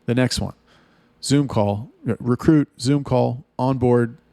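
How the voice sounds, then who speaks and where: A man giving blunt, heavily profane advice in a ranting monologue. His pitch jumps up to hit his points. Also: slow pace, vocal fry, no echo. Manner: lively, rising in pitch for emphasis. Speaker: OnlyFans agency owner giving advice.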